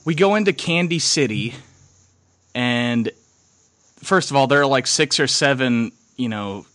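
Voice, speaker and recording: A young man tells a rambling story in a mid-pitched voice, swearing freely and acting out every quoted line. The sound is dry and close-miked, with no room around it. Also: a little slow, dry recording. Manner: animated, swears, acts out quotes. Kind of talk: casual storytelling.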